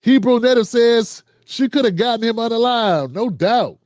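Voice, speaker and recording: Chatty man hosting a live show, high voice. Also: animated, normal speed, darkish tone, dry recording, studio quality. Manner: loose, chatty, slangy, with lots of "man" and "fam". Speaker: livestream show host. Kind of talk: casual sign-off and comment shout-outs.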